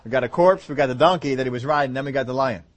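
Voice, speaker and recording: A man's voice: mid-range voice, rapid-fire. A man preaching a sermon, joking and acting out the story in voices. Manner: humorous, acts out scenes in voices, laughs often.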